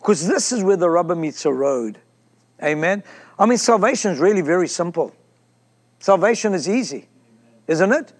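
Emphatic high-voiced man preaching. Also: expressive, normal speed, long pauses. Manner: emphatic, repeats phrases and asks the congregation questions. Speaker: pastor. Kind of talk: sermon.

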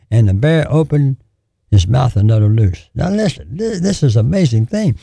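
A man delivering a fervent sermon, hammering his points through repetition. His voice is low, dark and husky, and it swings widely in pitch as he presses on. The sound is dry and close, with no room around it. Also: expressive, moderate pace, no echo. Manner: emphatic, repetitive, fervent preaching. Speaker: preacher.

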